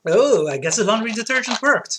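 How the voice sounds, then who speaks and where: A woman's voice: on the high side, expressive, a little fast, fairly bright tone, slight background noise, pitched above the performer's own voice. A woman reading the lines of a hapless male game hero, with wry exasperation. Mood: bemused.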